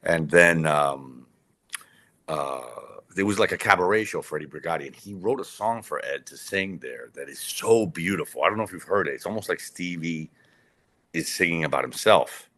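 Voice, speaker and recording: A man's voice: low voice, lively intonation, moderate pace, sharp tone. A man, a documentary director, telling a rambling story in an interview with lots of fillers and restarts. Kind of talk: casual conversational storytelling.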